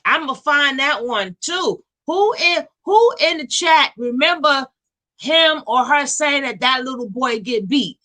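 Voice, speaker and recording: A woman hosting a casual gossip livestream, animated and slangy, quick to laugh. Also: high-pitched. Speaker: livestream host.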